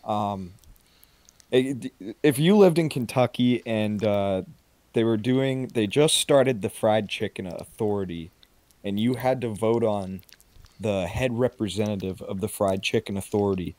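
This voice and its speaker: A man's voice: on the low side, a little slow, a little mellow, dry recording. A man co-hosting a podcast, chatting casually over a call, rambling and swearing freely. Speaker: podcast co-host. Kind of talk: casual chat. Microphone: video call.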